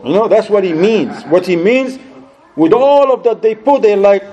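A man giving a religious lesson, telling anecdotes in an animated way, with loose grammar and Arabic phrases sprinkled in. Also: high-pitched, moderate pace, lo-fi sound. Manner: loosely structured, non-standard English grammar. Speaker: religious teacher.

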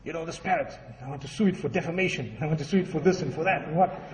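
A man's voice: a little high, very fast, a little mellow, natural voice. Man playing a huffy arrogant woman. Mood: indignant. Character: arrogant indignant woman customer. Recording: distant dull hall recording.

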